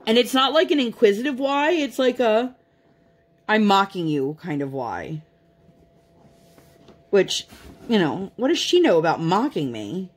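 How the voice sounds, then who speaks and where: A woman's voice: mid-range voice, big pitch swings, a little slow, pauses often, husky. A young woman, a mother, chatting casually to her vlog viewers in a rambling, self-deprecating way. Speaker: craft vlogger and mother. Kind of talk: casual chat to camera.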